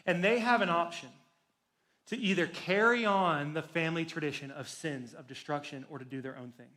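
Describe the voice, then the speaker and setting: A young man gives a youth sermon in a loose, animated storytelling way, with jokes to his teenage listeners. His voice sits high for a man. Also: normal speed. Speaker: youth pastor. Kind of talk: sermon to teens.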